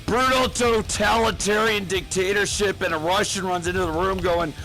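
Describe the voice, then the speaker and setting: A man's voice: high voice, steady tone, moderate pace, bright, forceful tone, faint music behind, rough recording. A man doing a rambling, profane comedic rant full of fillers, as a gaming vlogger.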